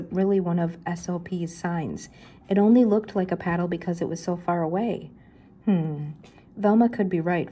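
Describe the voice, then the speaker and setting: A woman's voice: lowish voice, warm tone, breathy edge. An older woman, a grandmother, reading a children's mystery book aloud and lifting her voice for the characters' lines.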